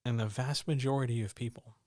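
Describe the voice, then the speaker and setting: A man's voice: mid-range voice, steady tone, fast talker, darkish tone, dry recording, clean studio sound. A man hosting a live-stream advice show for writers, talking blunt and joking, straight to the listener. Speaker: host answering writing questions.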